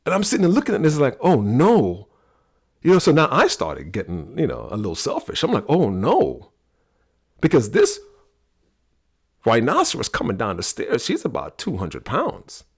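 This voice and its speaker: Man, middle-aged, gravelly, lively talk, storyteller host. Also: mid-range voice, a little fast. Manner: animated storyteller, acts out quoted voices. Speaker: podcast host teaching personality types.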